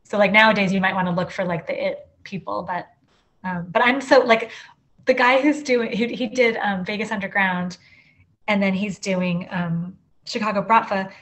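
A woman's voice: medium pitch, moderate pace. A woman author talking casually as an interview guest, chatty, with many "likes" and restarts. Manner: chatty, full of "like" and restarts, animated.

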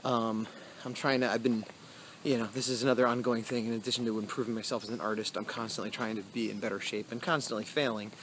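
A man's voice: medium pitch, level tone, quick pace, noisy background. A man vlogging casually outdoors on an evening walk, rambling and self-deprecating, with many fillers. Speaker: comic artist vlogger. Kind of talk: casual vlog talk.

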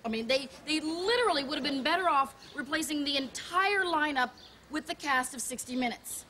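A woman's voice: high-pitched, lively intonation, a little fast, bright, forceful tone. An actress playing a snobbish, condescending woman at a kids' ballgame, with a haughty, affected way of talking. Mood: smug. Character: snobbish condescending female sports parent. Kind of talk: sketch comedy acting. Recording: noisy outdoor ballgame.

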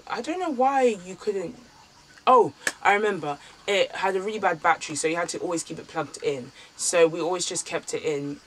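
A woman's voice: deep voice, slight background noise. A young woman casually telling a personal story for her vlog, candid and chatty with lots of filler words. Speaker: vlogger.

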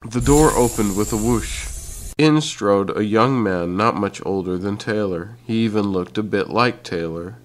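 A man narrating an audiobook chapter with steady, unhurried reading. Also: lowish voice, slight background noise. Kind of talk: scripted narration.

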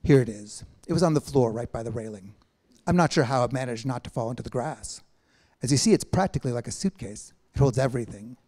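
A man's voice: medium pitch, expressive, fast talker, dark tone, natural voice. A man reading a wry, weary poet. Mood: facetious. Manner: dry, facetious understatement. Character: wry, weary male poet, gently ironic.

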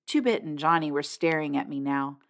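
A woman's voice: low voice, animated, fairly quick, vocal fry, a bit bright. Woman reading a novel aloud. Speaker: reader. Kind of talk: audiobook reading.

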